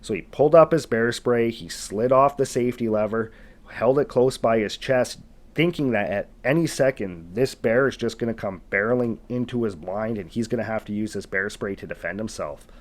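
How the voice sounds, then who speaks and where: A man's voice: on the low side, moderate pace. A man narrating a retold wilderness encounter in a casual, conversational way, building suspense as he goes. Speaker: storytelling channel host. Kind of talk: narrated retelling of an encounter story.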